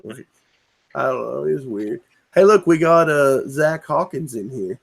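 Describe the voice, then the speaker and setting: A man's voice: mid-range voice, expressive, a little slow, gravelly, husky. Southern male stream host, Tennessee drawl, dry laid-back storyteller. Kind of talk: casual chat on a live stream.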